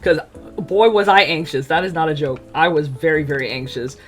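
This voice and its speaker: A woman chatting casually as she tells a personal story, full of fillers, acting out quotes in an animated way. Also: deep voice, fairly quick, faint music behind. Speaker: streamer telling a personal story.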